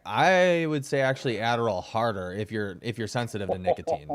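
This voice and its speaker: A man's voice: mid-range voice, sing-song, fairly quick, vocal fry, crowd noise. A young man hosting a podcast, talking in a laid-back, slangy way and laughing often. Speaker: podcast host. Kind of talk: casual chat.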